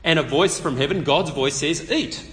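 A man preaching an expository sermon at a public meeting, conversational and animated, with touches of light humor. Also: fairly high pitch, moderate pace. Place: meeting hall. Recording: long reverb of a meeting hall.

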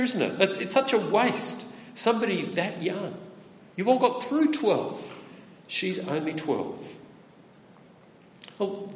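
A male preacher gives a sermon in a conversational manner and keeps asking the congregation rhetorical questions. His voice sits a little high and moves around a lot. He is heard in an echoey hall with a long reverb tail. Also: slight background noise.

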